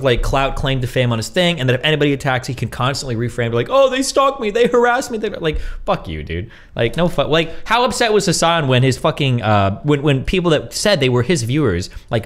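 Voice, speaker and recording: A male streamer rants at his viewers, swearing freely and mocking the people he argues against. His pitch jumps up and down all the time, and he speaks at an ordinary middle height. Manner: profane, heated, mocking. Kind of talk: casual livestream rant.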